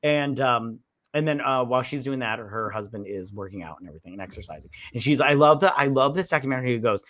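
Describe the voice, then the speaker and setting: A man's voice: mid-range voice, lively intonation, quick pace, fairly bright tone, no echo. A man co-hosting a casual movie review chat, rambling and retelling scenes with a lot of "he's like.". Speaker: movie review podcast co-host.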